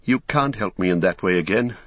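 A man's voice: deep voice, animated, brisk, no echo, highs cut off. A man voicing a weary, burdened male hobbit who speaks in anguished, pleading tones. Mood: sorrowful. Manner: anguished, pleading, breaking into cries.

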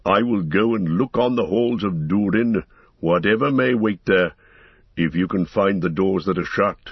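Man doing an eager bold dwarf, low husky voice, dry sound. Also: moderate pace, no echo, lo-fi sound. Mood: resolute. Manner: eager, resolute. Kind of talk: audiobook character reading.

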